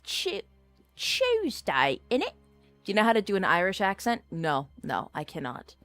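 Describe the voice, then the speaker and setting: A woman's voice: fairly low pitch, expressive, a little fast, a bit bright, dry recording, soft background music. A woman streaming a game in casual chat, playful and trying out silly voices.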